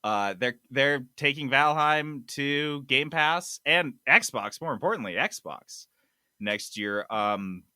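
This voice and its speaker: A man hosting a casual gaming podcast, reading news with animated, loud bursts of enthusiasm. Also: medium pitch, slow pace, clean tone, dry recording, clean studio sound. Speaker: podcast host. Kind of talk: casual chat.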